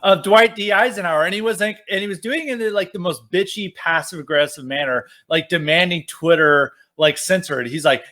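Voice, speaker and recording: A man talking casually about politics, animated and sarcastic, with many fillers. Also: high voice, a little fast, few pauses. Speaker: podcast guest.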